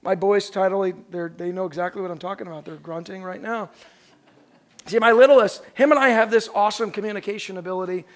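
A man with a very high speaking voice delivers a Christmas sermon. He moves from a lively joke story into earnest preaching, slowing down and leaning on key phrases for emphasis. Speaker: pastor.

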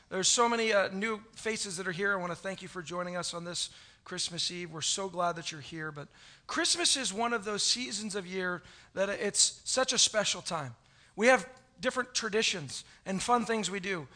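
Bright high-voiced male pastor. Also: fairly quick. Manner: chatty, joking, with many restarts. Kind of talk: Christmas Eve sermon with jokes.

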